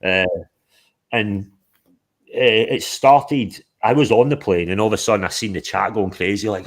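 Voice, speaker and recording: Guy hosting a stream, low voice, rambles and swears a lot. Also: fairly quick. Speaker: livestream host. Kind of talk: casual chat.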